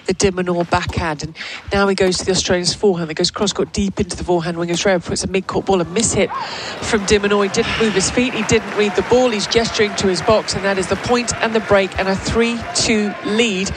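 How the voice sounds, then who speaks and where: A woman commentating live on a tennis match with brisk play-by-play calls. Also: medium pitch, fairly even intonation. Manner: brisk play-by-play, teasing banter. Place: commentary box at a tennis stadium. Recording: noisy outdoor venue background.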